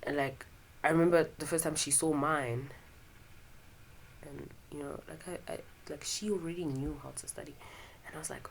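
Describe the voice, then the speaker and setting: A woman's voice: low voice, steady tone, moderate pace, gravelly, a little hiss or hum, rough recording. A young woman hosting a podcast, talking in a casual, rambling monologue full of fillers and swearing. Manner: chatty and profane, rambling with many fillers. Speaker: podcast host.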